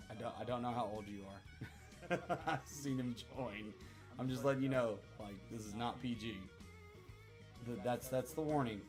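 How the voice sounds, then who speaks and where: A man casually telling a rambling, profane story to a live chat, repeating himself as he goes. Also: medium pitch.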